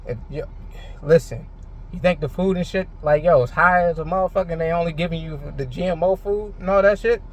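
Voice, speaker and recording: A vlogger talks unscripted to the camera, his voice a little high and brisk with a faint hiss or hum in the background. He's frustrated, rambling through a heated rant packed with filler words and swearing.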